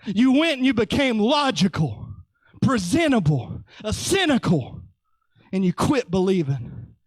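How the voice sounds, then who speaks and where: A man preaches casually in a strikingly high voice, joking and exclaiming as he goes. He takes his time with each phrase. The sound is close and dry, with no room around it. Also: dry recording. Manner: exclaiming, joking, laughing often.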